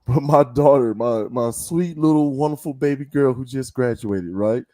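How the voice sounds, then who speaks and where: A man from the Southern United States hosts a podcast in casual chat, rambling with many asides. His voice sits at a middle pitch and sounds dry and close. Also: moderate pace, dark tone, dry recording. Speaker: podcast host.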